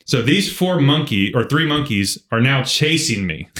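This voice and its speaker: A man co-hosting a podcast, telling a story in an animated, casual way full of filler words. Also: mid-range voice, normal speed. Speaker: podcast co-host. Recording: roomy echo.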